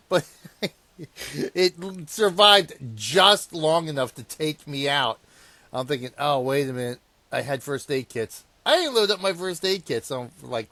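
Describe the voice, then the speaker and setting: A man's voice: mid-range voice, lively intonation, moderate pace, dry recording. Man muttering through hunting gameplay. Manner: rambling, self-mocking, laughs at his own mishaps; swings from hushed muttering to loud exasperation. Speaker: gameplay commentator. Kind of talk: casual gameplay commentary.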